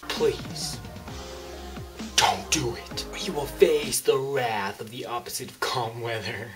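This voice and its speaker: A young man rattles off everyday pet peeves on his comedy vlog, sarcastic and animated, and acts out small scenes along the way. He is a little off-mic, and clear background music runs under him the whole time. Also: medium pitch, slow pace, far from the mic. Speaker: vlogger.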